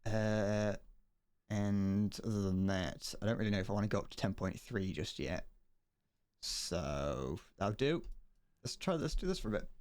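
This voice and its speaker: A man's voice: fairly low pitch, expressive, unhurried, darkish tone. A man streaming a game, chatting casually, rambling and joking with viewers and swearing freely. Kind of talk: casual gameplay commentary.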